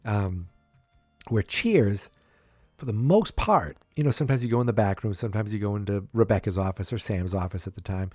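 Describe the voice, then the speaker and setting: A man's voice: fairly low pitch, animated, fairly quick, darkish tone, dry recording, clean studio sound, soft background music. A man hosting a podcast, casually recapping a TV episode with a rambling manner full of restarts and fillers. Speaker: podcast host.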